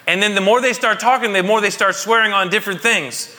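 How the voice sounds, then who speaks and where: High, bright-voiced joking pastor. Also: male voice, fairly even intonation, quick pace. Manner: jokey, asks the congregation questions. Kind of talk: conversational sermon. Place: church hall. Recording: long reverb of a hall.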